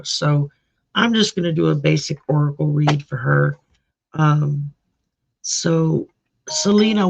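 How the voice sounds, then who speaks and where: A woman's voice: low-pitched, vocal fry, breathy edge. A woman doing a live-streamed card reading as a tarot reader, chatty and greeting viewers by name. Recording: dull lo-fi sound.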